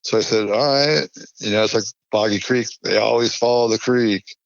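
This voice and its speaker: Male podcast guest, low voice, rambling filler-heavy storyteller, muffled dry recording. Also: normal speed, vocal fry, no echo. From California. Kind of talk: casual storytelling chat. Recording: dull lo-fi dry podcast audio.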